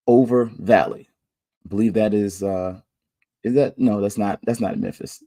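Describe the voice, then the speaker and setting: A man's voice: fairly low pitch, normal speed, dark tone. A man hosting a podcast, casually running through his game picks in a loose, slangy way and thinking aloud. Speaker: podcast host. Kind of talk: casual sports picks chat. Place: Orlando.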